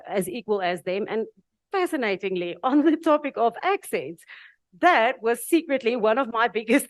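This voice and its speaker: A woman's voice: a little high, no echo. Earnest Afrikaans-accented South African woman. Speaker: panel speaker. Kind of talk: reflective speech at a dialogue event. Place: event venue with audience.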